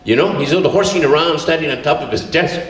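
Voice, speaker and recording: A man in his seventies from California telling a childhood story to a live audience, chuckling and filling pauses as he goes. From California, USA. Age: 70s. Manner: animated, laughing, many fillers. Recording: roomy, distant live recording with faint rumble.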